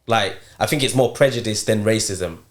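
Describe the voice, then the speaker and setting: A young man with a Birmingham accent co-hosting a podcast, talking in a measured, reflective way in casual chat. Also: lowish voice. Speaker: podcast co-host. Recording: echoey room.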